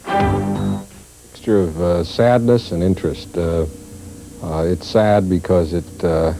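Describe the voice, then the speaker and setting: Deep-voiced correspondent man, halting and thoughtful, remote feed. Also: animated, dark tone, faint music behind, poor audio. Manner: halting, many fillers. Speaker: newspaper correspondent. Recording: remote link, 1980s broadcast tape.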